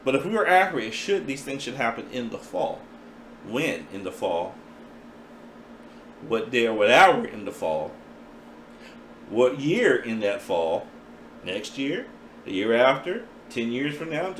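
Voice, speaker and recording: Animated preacher man in a roomy hall. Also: mid-range voice, measured pace, pauses often, a little hiss or hum. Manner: animated, playful, acts out voices in his preaching. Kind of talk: sermon.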